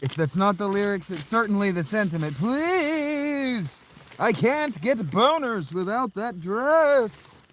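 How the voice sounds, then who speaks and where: A man putting on a loud, begging, lovestruck young guy. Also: sits high, expressive, slow pace, slight background noise, voice pushed up, exaggerated voice. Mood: pleading. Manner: loud, pleading, over the top.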